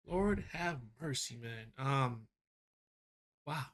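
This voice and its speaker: A man hosting a music reaction, rambling and excitable, full of fillers and restarts. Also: medium pitch, normal speed. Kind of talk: casual reaction commentary.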